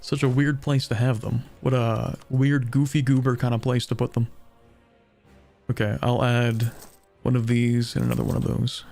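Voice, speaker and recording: A young man with a southern Ontario accent talks his way through a strategy game on stream, easygoing and self-mocking as he answers chat. His pitch sits mid-range, and faint music plays underneath. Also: flat delivery, normal speed, gravelly, a little mellow. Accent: Canadian (southern Ontario). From southern Ontario, Canada. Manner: chatty, self-deprecating, thinks aloud. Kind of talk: casual gameplay commentary, reading chat.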